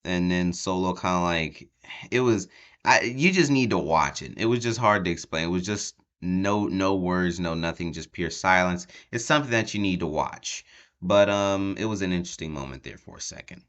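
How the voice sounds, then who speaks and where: Deep, smooth-voiced man recapping wrestling. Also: moderate pace, a bit bright. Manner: rambling, lots of ums, laughs at the story. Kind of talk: casual show recap.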